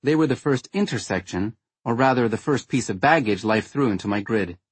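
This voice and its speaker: A man voicing a witty young woman who lectures in a frank, lightly sarcastic way, with a husky tone. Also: medium pitch, fairly quick, no room sound, close to an everyday voice. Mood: explaining playfully. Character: witty teasing young woman, blunt and playful.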